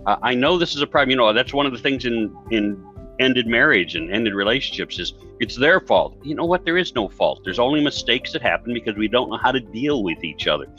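A man's voice: mid-range voice, animated, fairly quick, pushed and bright, soft background music. A male talk show host speaking in an emphatic, motivational way during a conversational interview. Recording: dull lo-fi sound.

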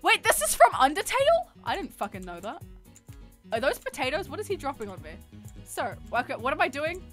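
A young woman streaming a video game, excitable and chatty, laughing and swearing often. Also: high voice, a little fast, soft background music. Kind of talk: casual gaming stream.

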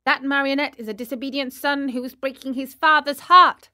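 A woman's voice: sits high, fairly even intonation, brisk, bright, forceful tone, voice pushed up. A woman doing a stern, scolding cricket. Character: stern, wise talking cricket.

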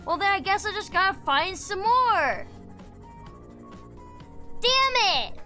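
Super high-pitched girl streamer, bright and goofy, chatting w chat while she plays. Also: animated, normal speed, faint music behind. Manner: playful, silly, hops between voices. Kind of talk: casual gaming stream chat.

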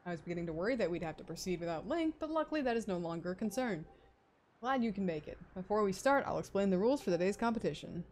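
A woman reading out the lines of a formal male instructor at a knight academy, in her own voice and a little quieter than her usual talk. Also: mid-range voice, lively intonation, quick pace, a little hiss or hum, lightly acted. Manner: read out plainly, a bit quiet. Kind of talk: reading game dialogue aloud. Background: game music.

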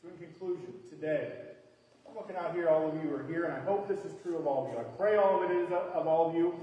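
Man preaching a casual, rambling sermon to a congregation; fairly high voice, heard from a distance. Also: fast, mellow, a little hiss or hum. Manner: conversational, rambling, with many fillers and restarts. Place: church hall before a live congregation. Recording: echoey hall from far off.

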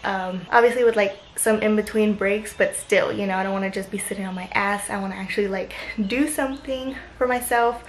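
A woman's voice: mid-range voice, fairly even intonation, fairly quick, few pauses, a little hiss or hum, rough recording. A young woman chatting casually and animatedly in a home vlog, swearing now and then. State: out of breath after a workout. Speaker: vlogger.

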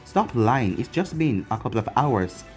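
A man's voice: medium pitch, big pitch swings, normal speed, soft background music, pitched below the performer's own voice, lightly acted. Man reading as Yamato, a blunt ninja. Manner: blunt, matter-of-fact. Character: dry adult male ninja, blunt.

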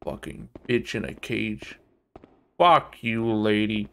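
A man's voice: fairly low pitch, takes it slowly, gravelly, fairly bright tone, a little hiss or hum. A man streaming a game live, swearing freely as he plays and reading the game's text aloud. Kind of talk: live gameplay commentary.

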